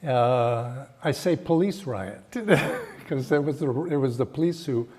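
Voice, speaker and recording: An older man giving a Sunday sermon and telling a personal story in a reflective, halting way, often restarting his phrases. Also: medium pitch, lively intonation. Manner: slow, reflective, halting phrasing with frequent restarts and soft laughs. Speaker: spiritual teacher giving a Sunday talk.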